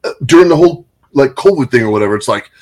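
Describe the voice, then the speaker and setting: This man is in casual conversation, telling stories at an animated pace and swearing often. His pitch is at a middle level for a man. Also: rapid-fire. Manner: profane, animated storytelling. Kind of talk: casual chat.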